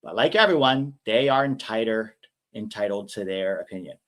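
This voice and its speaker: A man's voice: lowish voice, expressive, moderate pace, fairly bright tone. A young man hosting a casual live watch-along stream, chatting and reading viewer comments aloud.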